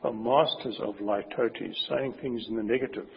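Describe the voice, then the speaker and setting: A man preaching a sermon with a very husky voice, speaking emphatically and slowing down to stress his warnings. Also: mid-range voice, steady tone. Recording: dull recording with long hall reverb.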